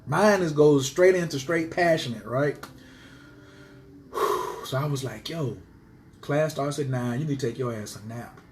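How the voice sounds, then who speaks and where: A man's voice: medium pitch, measured pace, pauses often, background noise. A man teaching astrology to his viewers in a casual live stream, speaking passionately and emphatically and driving his points home by repeating them.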